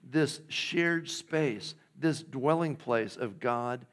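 A man's voice: mid-range voice, extremely slow, a bit bright. Conversational male pastor preaching. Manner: conversational, jokey, acts out God's lines in a casual voice. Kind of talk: sermon. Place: church.

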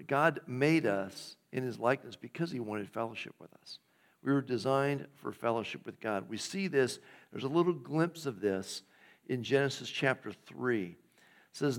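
A man preaching a sermon as pastor, conversational and jokey, acting out quoted lines in a casual voice. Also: mid-range voice. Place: church.

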